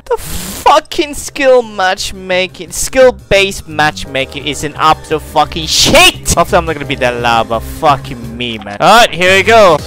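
A young man giving swearing, ranting gameplay commentary with loud outbursts. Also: fairly high pitch, smooth. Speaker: gaming YouTuber.

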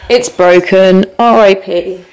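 In an apartment that's being packed up, a young woman vlogs to a camera pointed at herself, rambling chattily with lots of fillers. Her voice is medium-pitched, steady, slow, and a bit dark in tone, and the room gives it a roomy echo.

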